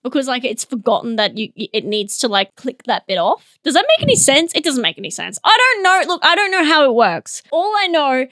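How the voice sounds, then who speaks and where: A woman's voice: high-pitched, sing-song, fairly quick, few pauses, fairly bright tone, no echo, clean studio sound. An Australian woman hosting a comedy podcast, rambling and laughing often as she muses aloud. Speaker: podcast host. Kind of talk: comedic solo podcast musing.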